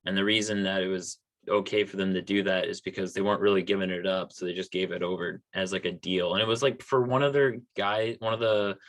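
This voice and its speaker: A man's voice: deep voice, fairly even intonation, quick pace, hardly any pauses, a bit bright. A man from Texas co-hosting a podcast, talking politics in an emphatic, loose and profane way. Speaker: podcast co-host. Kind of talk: casual political chat.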